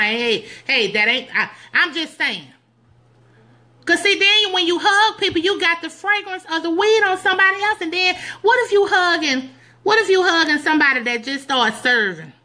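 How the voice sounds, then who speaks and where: A middle-aged woman giving sassy, teasing comedic church advice to her viewers, animated and preachy with loud whoops. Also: sits high, a little fast. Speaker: comedic commentator addressing live viewers.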